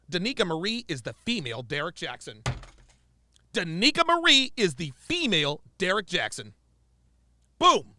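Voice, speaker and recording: High, bright-voiced man ranting. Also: no room sound, clean studio sound. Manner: profane, exasperated, emphatic repetition. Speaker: commentator reacting to a clip. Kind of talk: ranting reaction commentary.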